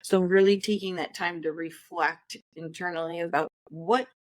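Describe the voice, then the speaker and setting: Woman co-host, low-pitched, measured and thoughtful, dry studio mic. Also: fairly even intonation, dry recording. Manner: thoughtful, gives practical tips. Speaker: podcast co-host. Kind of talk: casual podcast conversation.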